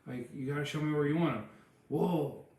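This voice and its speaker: A man's voice: a little high, fairly even intonation, very fast, darkish tone. A man co-hosting a casual chat, telling rambling stories with many fillers. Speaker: podcast co-host. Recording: very echoey room.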